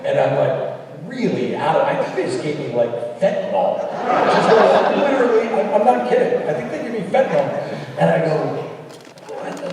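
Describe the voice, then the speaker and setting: A man telling an animated anecdote onstage, acting out the lines of the people in his story. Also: fairly high pitch, moderate pace, very noisy. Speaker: film director guest. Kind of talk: storytelling in a live onstage conversation. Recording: echoey hall recording from far off.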